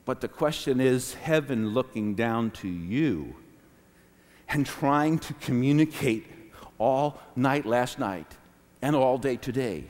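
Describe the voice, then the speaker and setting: A man preaching a sermon, swinging from booming declarations to hushed, near-whispered asides, with laughs between phrases. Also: expressive, slow pace. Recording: long hall reverb.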